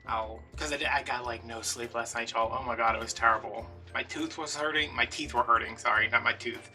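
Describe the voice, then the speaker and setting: A man casually telling a story while crafting at home, animated and chatty, acting out the other people in it. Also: mid-range voice, a little fast, far from the mic, soft background music. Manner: chatty, animated retelling with quoted dialogue. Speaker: vlogger.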